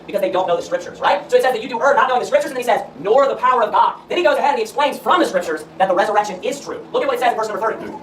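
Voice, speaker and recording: Fast-talking preacher man in an echoey room. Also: sits high, a bit bright. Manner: emphatic, asks rhetorical questions. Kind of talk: sermon with scripture reading. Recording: roomy echo, far from the mic, faint room noise.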